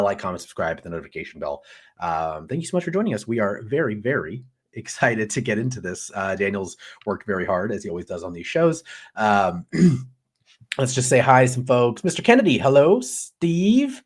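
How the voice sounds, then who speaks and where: A man hosting a live pop culture news show, animated and jokey, swearing casually as he chats. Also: on the low side. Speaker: host.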